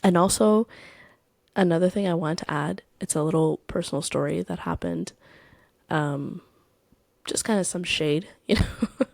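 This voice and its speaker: A woman's voice: on the low side, measured pace, vocal fry, long pauses, darkish tone, no room sound. A young adult woman hosting a podcast, talking candidly and emphatically about her own life, swearing for emphasis. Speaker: podcast host. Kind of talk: personal podcast monologue.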